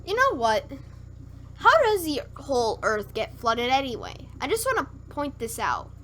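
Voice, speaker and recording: Reading scripture on her livestream, a woman stumbles, corrects herself, and stops for wry, skeptical asides. Her voice sits high with wildly swooping pitch and a sharp tone, over a faint hiss or hum.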